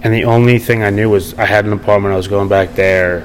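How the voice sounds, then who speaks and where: A young man appears as a podcast guest, telling his story in a casual interview and rambling with plenty of fillers and restarts. His voice is lowish and steady, and he talks fast. The recording quality is low.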